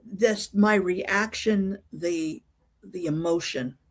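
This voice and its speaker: An older woman, a guest being interviewed, tells a personal story in a halting way, often pausing on fillers and restarting her sentences. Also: fairly low pitch. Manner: halting, full of fillers and restarts while recounting. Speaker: interview guest, UFO investigator.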